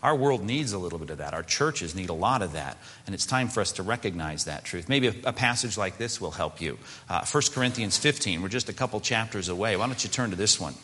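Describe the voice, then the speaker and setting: Lively, bright-voiced male preacher. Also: big-room sound. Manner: conversational preaching with asides and rhetorical questions; mimics whining body parts in a high voice. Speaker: pastor. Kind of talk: sermon.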